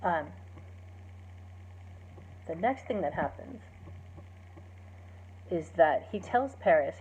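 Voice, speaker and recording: A woman's voice: on the low side, expressive, slow pace, long pauses, darkish tone, breathy edge. A woman, a teacher, casually retelling a play's story, chatty with many fillers and acting out the quoted lines. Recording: dull lo-fi recording.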